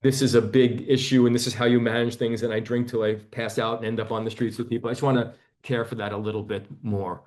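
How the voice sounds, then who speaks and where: Soft-spoken man guiding a therapy exercise. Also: medium pitch, level tone. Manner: slow, gentle, guiding, often drops to a hush. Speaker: seminar teacher, therapist. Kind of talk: live therapy demonstration on a video call.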